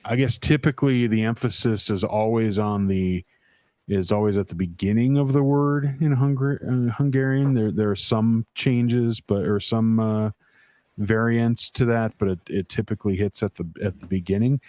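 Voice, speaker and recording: Male co-host with a lowish voice, rambling and halting through casual stream chat. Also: mellow, no room sound, clean studio sound. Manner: rambling, halting with many fillers.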